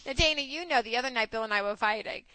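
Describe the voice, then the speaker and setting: A woman in her forties hosting a casual chat, telling stories in an animated way and acting out quotes. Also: fairly high pitch, quick pace, no room sound, poor audio. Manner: chatty, animated storytelling with acted quotes. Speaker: host.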